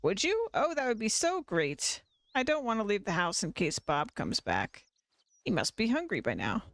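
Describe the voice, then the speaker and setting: Streamer doing a worried villager guy in a game, pleading, bouncy pitch. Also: huge pitch swings, moderate pace, fairly bright tone, no echo. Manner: fretful, pleading. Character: fretful villager who lost his cat.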